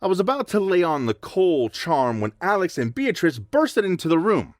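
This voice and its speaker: A young man narrating a first-person story in a reflective, expressive way. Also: high voice, normal speed, no room sound, clean studio sound.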